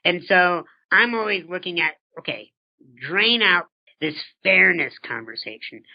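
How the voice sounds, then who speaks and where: A man's voice: sits high, expressive, unhurried. A man in his thirties, an interview guest, talking earnestly and reflectively, often posing rhetorical questions and repeating words as he starts a thought. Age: 30s. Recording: dull lo-fi recording.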